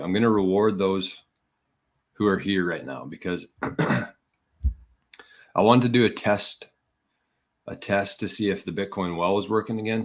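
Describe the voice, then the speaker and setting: A man hosting a live podcast stream, chatting casually and scattered, a little out of breath and poking fun at himself. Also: fairly low pitch. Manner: scattered, self-mocking, talking to viewers. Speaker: podcast host.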